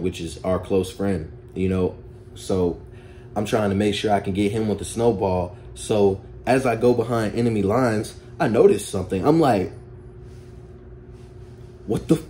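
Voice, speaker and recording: A man narrating a story-time vlog in a casual, animated way, often calling out to his viewers. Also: low voice, a little hiss or hum. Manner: animated, addresses viewers as guys and y'all. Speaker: storytime vlogger.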